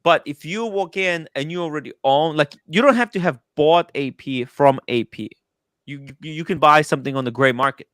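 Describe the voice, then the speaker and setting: Man, livestream host, excitable chat, crisp smooth voice, slightly high, dry close mic. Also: dry recording. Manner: excitable, animated, quick asides to chat. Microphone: studio microphone.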